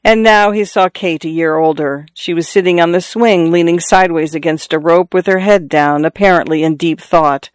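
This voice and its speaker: Guy reading a story out loud, kinda high voice, measured and calm. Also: smooth, no echo, studio quality. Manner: measured storytelling, lifts pitch for quoted calls. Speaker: audiobook narrator. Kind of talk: scripted narration.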